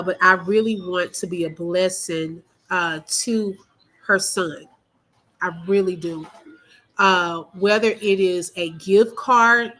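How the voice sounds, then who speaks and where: A woman's voice: medium pitch, fairly bright tone, poor audio. Emotional woman hosting a livestream. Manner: emotional, talks straight to viewers and reads comments. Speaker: livestream host. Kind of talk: casual livestream chat.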